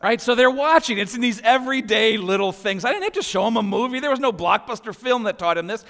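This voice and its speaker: A man's voice: very high voice, fast talker, pushed and bright. A man in his forties preaching a sermon as pastor, telling family stories and letting his voice climb as they build. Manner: storytelling, voice rising in anecdotes. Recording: long hall reverb.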